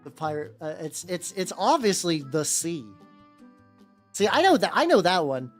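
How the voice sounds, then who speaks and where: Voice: mid-range voice, sing-song, moderate pace. A streamer chatting casually with viewers while painting miniatures, rambling and swearing freely. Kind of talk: casual livestream chat. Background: faint background music.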